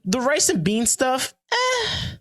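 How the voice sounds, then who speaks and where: A man hosting a podcast in casual chat, loud, joking and full of slang. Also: high voice, very animated, normal speed. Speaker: podcast host.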